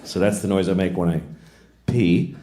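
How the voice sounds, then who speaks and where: A middle-aged man doing live stand-up, telling stories deadpan and jumping into high-pitched voices. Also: normal speed. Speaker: stand-up comedian. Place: comedy club stage. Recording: echoey club with crowd noise.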